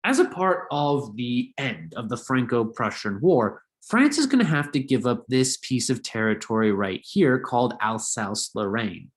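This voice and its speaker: Animated male history teacher. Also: medium pitch, normal speed, hardly any pauses. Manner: animated, conversational, jokey asides. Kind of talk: casual lecture video.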